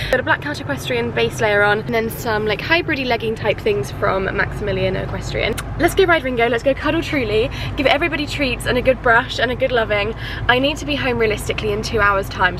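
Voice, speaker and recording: A bubbly, chatty woman rambling through a casual vlog. Her voice sits a little high and she talks into a handheld phone. Steady background noise runs under the rough recording. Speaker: equestrian vlogger.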